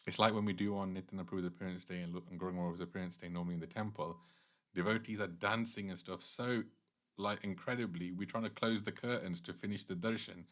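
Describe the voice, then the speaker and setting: A man with a somewhat low voice teaches a devotional class in an easygoing, conversational manner. He tells the story like he's chatting with friends, getting animated now and then. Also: fast talker. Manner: conversational, animated when voicing characters, laughs lightly. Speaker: temple class speaker.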